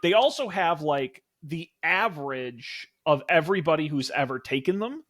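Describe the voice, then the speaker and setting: A man's voice: on the high side, expressive, normal speed, a bit bright. A man hosting a casual podcast over a video call, rambling through plugs with plenty of fillers. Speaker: podcast host. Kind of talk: casual chat.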